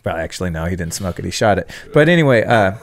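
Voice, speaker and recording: Low-voiced man swearing through a story. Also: very animated, fast, creaky. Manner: profane, rambling storyteller. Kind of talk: casual podcast conversation.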